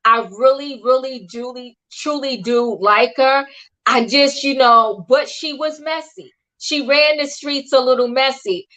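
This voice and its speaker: An older woman hosting a casual livestream, chatting in an animated way and acting out quotes she repeats. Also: high-pitched, measured pace. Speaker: host. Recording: dull lo-fi stream audio.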